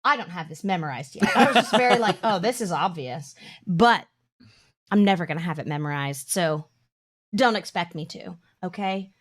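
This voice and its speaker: A woman's voice: fairly low pitch, animated, moderate pace. A woman co-hosting a comedic podcast, playful and silly, breaking into sung bits and goofy voices. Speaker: podcast co-host. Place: indoor room.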